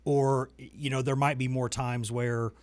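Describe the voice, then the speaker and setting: A man's voice: mid-range voice, flat delivery, a little slow, darkish tone, no echo. A man hosting a casual sports talk show, chatty and rambling, with self-deprecating humor. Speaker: sports reporter and show host. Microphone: desk microphone.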